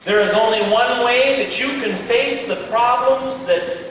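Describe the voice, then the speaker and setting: A middle-aged man speaking to youth at a church event, mixing earnest appeals with self-deprecating stories and slow, weighty pauses. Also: very high voice, a bit bright. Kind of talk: humorous evangelistic talk. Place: large church hall. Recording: echoey hall from far off, noisy.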